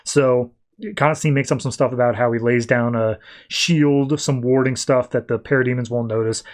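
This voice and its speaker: A man's voice: medium pitch, steady tone, moderate pace. A man hosting a podcast, casually recapping a comic book issue in a loose, conversational way. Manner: loose conversational retelling, acting out quotes in a raised voice. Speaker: podcast host.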